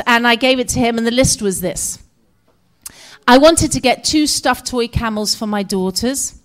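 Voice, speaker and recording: A woman in her forties from Britain with a British accent, giving an expressive personal storytelling talk as a guest speaker. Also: a little high. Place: community center hall.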